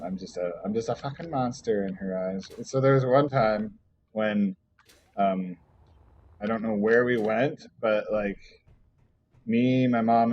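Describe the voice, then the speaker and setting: A man's voice: fairly low pitch, a little mellow, slight background noise. A young man streaming a game, telling a rambling personal story full of fillers and swearing. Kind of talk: casual rambling story while gaming. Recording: dull lo-fi mic, faint game music.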